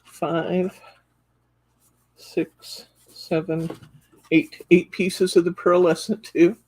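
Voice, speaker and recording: A woman's voice: on the low side, flat delivery, extremely slow, a little mellow, slightly rough. A woman hosting a live craft store show-and-tell, enthusiastically describing card stock packs and counting sheets aloud as she flips through them. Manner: enthusiastic, gushing over products.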